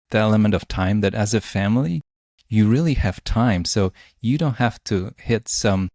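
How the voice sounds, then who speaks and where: A man's voice: on the low side, a little mellow, no room sound, clean studio sound. A man hosting a podcast interview, talking reflectively and thinking aloud as he shares his views. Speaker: podcast host. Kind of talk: conversational interview.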